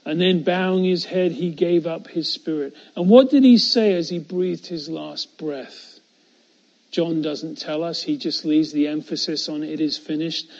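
High-voiced earnest man preaching. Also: fairly even intonation, unhurried, lo-fi sound. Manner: earnest, builds to emphatic repetition; drops to a hushed voice on key phrases. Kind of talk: sermon.

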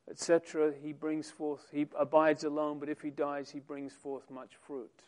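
Man, preacher, sermon, high voice, dramatic swells in volume. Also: flat delivery, normal speed, hardly any pauses. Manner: dramatic, swells loud for quoted lines.

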